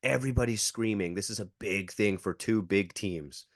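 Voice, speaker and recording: Low-voiced man telling a story. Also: normal speed, no echo, clean studio sound. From Canada. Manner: filler-heavy, acts out quotes. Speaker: podcast guest, jiu-jitsu coach. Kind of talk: casual storytelling.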